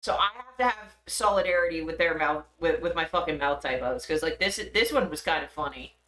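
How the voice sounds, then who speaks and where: A woman's voice: low-pitched, fairly quick, a bit bright, reverberant. A young woman streaming live, chatting casually and swearing freely as she laughs at herself.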